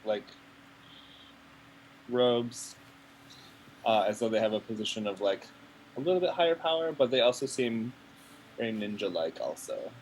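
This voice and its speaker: A man's voice: medium pitch, animated, moderate pace, long pauses, a little hiss or hum, poor audio. A man player describing his tabletop character, hesitant with many fillers.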